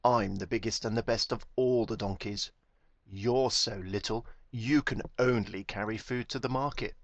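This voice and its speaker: A man's voice: on the low side, fairly even intonation, normal speed, no room sound, dull audio, close to an everyday voice. Figure: a big, bragging male donkey, voiced by a man. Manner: scornful, sneering. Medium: storybook reading. Room: dry.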